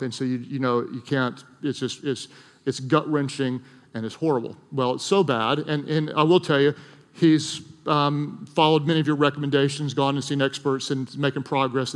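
Earnest man preaching in a reverberant hall. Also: on the high side. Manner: earnest, builds to loud emphatic peaks then drops soft. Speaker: pastor. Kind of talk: sermon. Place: large church hall.

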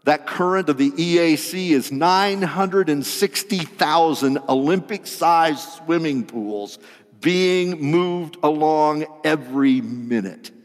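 A male pastor preaching a sermon to a congregation, animated and joking with them. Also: on the high side, in a large hall.

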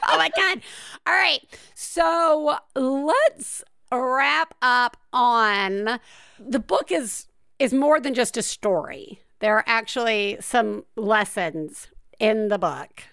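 A woman hosting an interview, a parent herself, chatty, bubbly and quick to laugh. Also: on the high side, creaky, a bit bright, clean tone, dry recording, studio quality. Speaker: interview host. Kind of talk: casual interview chat.

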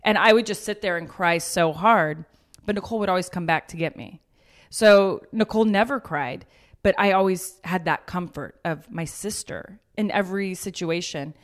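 A woman in her thirties talking as a guest in a casual conversation, telling stories with lively acted-out quotes. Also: fairly low pitch. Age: 30s. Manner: animated storytelling, acts out quoted voices.

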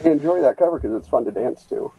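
A man calling in over a video call, talking in a rambling, halting way with many restarts. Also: fairly high pitch, animated. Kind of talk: rambling casual chat. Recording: tinny phone-like call line.

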